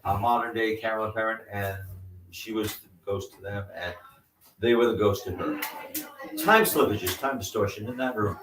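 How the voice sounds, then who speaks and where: A man's voice: fairly low pitch, moderate pace, fairly bright tone, echoey room. Guy rambling through a spooky story, sounds far from the mic, faint room hum. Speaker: paranormal investigator guest. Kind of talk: casual storytelling. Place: living room at a live party.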